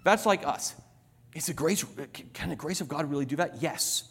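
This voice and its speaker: A man's voice: fairly high pitch, normal speed, breathy edge, big-room sound. A man preaching a sermon, emphatic and repetitive, building his points through illustrations.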